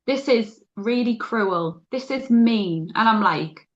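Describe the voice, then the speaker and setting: A middle-aged woman co-hosting a podcast, telling a story in a lively, chatty way and laughing often. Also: fairly high pitch, slow, muffled recording. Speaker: podcast co-host. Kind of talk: casual chat.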